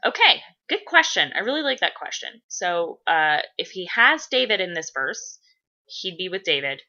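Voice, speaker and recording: A woman's voice: on the low side, lively intonation, measured pace, pushed and bright. A woman chatting casually as a role-play blogger, rambling and swearing a lot. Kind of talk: casual chat. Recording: dull lo-fi recording.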